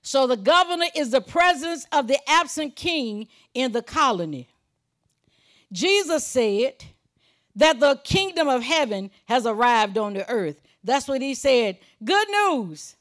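High-voiced woman preaching a sermon. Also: animated, measured pace, fairly bright tone. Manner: preaching, building to emphatic raised passages; repeats key lines for emphasis. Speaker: pastor.

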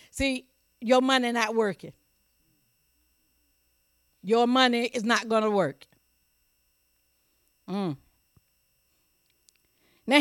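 An emphatic preacher with a high voice, repeating key phrases and questioning the congregation. The sound is close and dry. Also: fairly bright tone, clear, resonant tone, no echo. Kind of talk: sermon. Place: church service also streamed online.

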